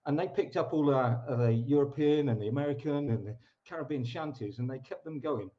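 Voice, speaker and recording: A man's voice: mid-range voice, a little fast, warm tone, muffled recording. A man, a guest shanty singer, chatting casually and enthusiastically on a video call.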